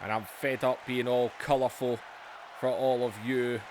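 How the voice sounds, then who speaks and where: A man's voice: medium pitch, little pitch movement, unhurried, crowd noise, noisy background, close to an everyday voice. A man voicing a defiant woman wrestler's promo. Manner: firm, clipped challenge in his own plain voice, no accent. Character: proud fed-up female wrestler cutting a promo.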